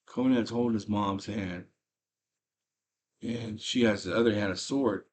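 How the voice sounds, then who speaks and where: Low-voiced man retelling a movie. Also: measured pace. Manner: animated, slangy storytelling with frequent fillers. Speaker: movie chat host.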